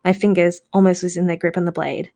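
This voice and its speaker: A woman reading a novel aloud in a relaxed live-stream manner. Her voice carries steady vocal fry, and she stops now and then to correct a misread word or add a quick aside before going on. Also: on the low side. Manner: reads aloud, corrects slips and adds asides. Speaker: reader of novels.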